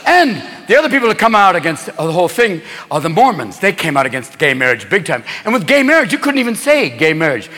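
A man performing a stand-up comedy routine, animated with shouted punchlines, in a live venue. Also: sits high, fast, few pauses. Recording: live hall recording with crowd.

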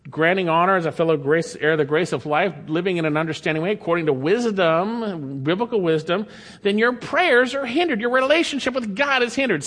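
A man's voice: high-pitched, a bit bright. A male pastor delivering a sermon, reading scripture aloud with emphatic rises and sudden drops. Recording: long hall reverb.

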